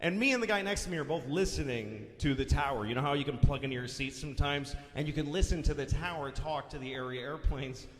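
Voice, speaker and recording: A man telling a story in stand-up, animated and profane, shouting the big moments. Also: on the high side, fast talker, hardly any pauses, in a large hall. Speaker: stand-up comedian.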